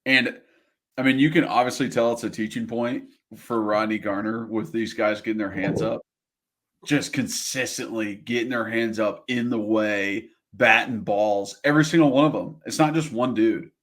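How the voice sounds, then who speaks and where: A man's voice: fairly low pitch, moderate pace, a bit bright. A man co-hosting a podcast, making his points emphatically and repeating phrases for stress. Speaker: podcast co-host. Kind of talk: casual sports chat.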